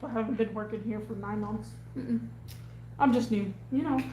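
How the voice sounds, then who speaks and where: A woman with a high, bright-pitched voice chats to her viewers and tells a story in a lively, animated way. The room is echoey, and a faint hum sits underneath. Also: normal speed. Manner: animated, chatty, acts out scenes. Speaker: vlogger. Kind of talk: casual storytelling to camera.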